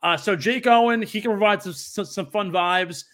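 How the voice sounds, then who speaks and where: Brief: young adult man, podcast co-host, slightly high voice, loose rambling anecdotes full of restarts. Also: normal speed, a bit bright. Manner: rambling storyteller with many fillers and restarts. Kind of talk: casual chat.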